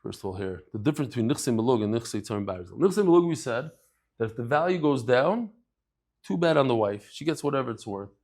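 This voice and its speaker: A man giving a daily Talmud lecture, conversational and lively, acting out bits of dialogue as he explains with everyday examples. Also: medium pitch. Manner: lively, acts out dialogue in quick asides. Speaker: Talmud teacher.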